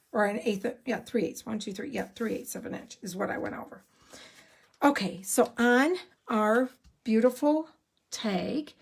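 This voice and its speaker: Brief: high-pitched woman, excitable crafting demonstrator, chatty and rambling, live from an indoor craft room. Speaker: card-making demonstrator.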